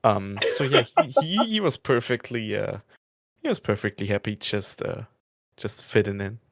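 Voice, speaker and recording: A man who is a regular player on a podcast, talking casually in halting bursts and laughing between thoughts. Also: lowish voice, expressive, gravelly, fairly bright tone, dry recording, clean studio sound.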